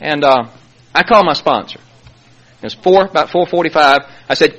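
A middle-aged man speaks from a podium, giving his own recovery testimony. His voice sits high and bright for a man. It leaps around in pitch as he dips to a near hush and then surges into loud, animated telling. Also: moderate pace. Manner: animated storytelling, swinging from hushed to loud.

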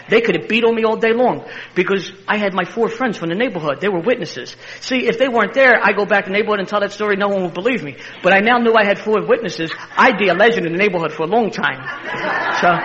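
Older Philly man spinning a fast yarn. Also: high voice, slight background noise. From Philadelphia. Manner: animated, laughing storyteller with a street-tough edge. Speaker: interview guest. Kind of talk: personal storytelling. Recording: slightly muffled recording.

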